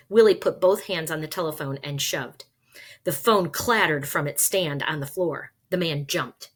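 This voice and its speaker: A woman reading a children's chapter book aloud, recapping gently before reading steadily and expressively. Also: low voice, moderate pace. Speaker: reader.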